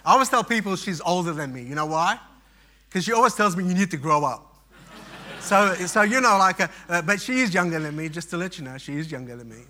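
A man's voice: high voice, lively intonation, brisk, pushed and bright. A middle-aged man pastor preaching, telling a personal story with frequent restarts and fillers. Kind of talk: sermon.

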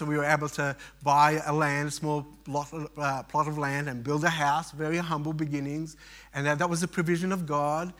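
A man's voice: on the high side, sharp tone. A middle-aged man pastor preaching, telling a personal story with frequent restarts and fillers. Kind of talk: sermon.

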